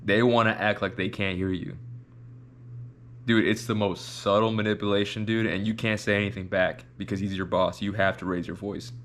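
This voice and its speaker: A man with a fairly low voice talks through a reaction video in casual, rambling commentary. He restarts and repeats words as he works his ideas out. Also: little pitch movement, moderate pace.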